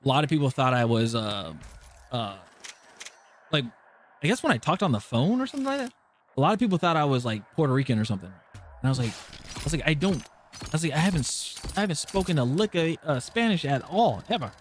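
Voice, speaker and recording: A man's voice: fairly high pitch, sing-song, a little fast, a little hiss or hum. A man from California with a slight Southern twang, chatting casually on a live stream while he plays, telling rambling stories and cutting himself off mid-sentence. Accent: American with a slight Southern twang. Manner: rambling, self-interrupting storytelling.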